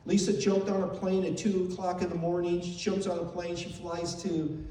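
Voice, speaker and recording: A man's voice: sits high, little pitch movement, moderate pace, dark tone, slight background noise. An older man telling heartfelt, emotional stories in a memorial tribute, repeating phrases as he speaks. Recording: very echoey hall, voice from far off.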